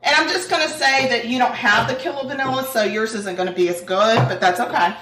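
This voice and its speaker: A woman's voice: a little high, fast, sharp tone. A woman hosting a cooking show, chatting casually and laughing often as she cooks in a kitchen. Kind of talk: casual chat while cooking. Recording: echoey room, mic at a distance, faint noise.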